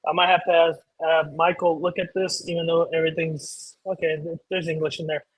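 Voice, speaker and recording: A man hosting a live unboxing stream, chatting casually and telling a relaxed story. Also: fairly high pitch, brisk, slightly rough, no room sound, rough recording.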